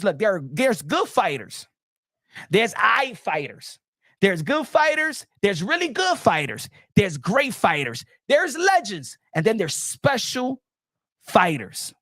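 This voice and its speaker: A man's voice: high voice, fairly bright tone, dry recording, studio quality. A man hosting a boxing channel, giving hyped commentary and repeating his points. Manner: hype-driven, repeats phrases.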